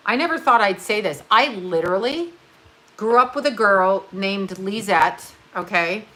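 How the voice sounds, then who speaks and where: A woman's voice: medium pitch, animated, unhurried, bright, forceful tone. Blunt, profane woman chatting on a livestream. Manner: blunt, profane, chatty while doing her nails. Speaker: livestream host. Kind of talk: casual rambling livestream chat.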